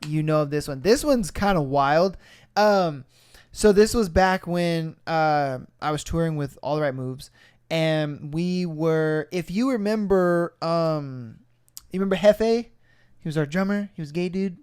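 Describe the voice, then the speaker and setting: Smooth-voiced and on the high side, a young man hosting a podcast tells a story a little slowly. The chat is casual and animated, loaded with swearing, and he performs voices for the quotes.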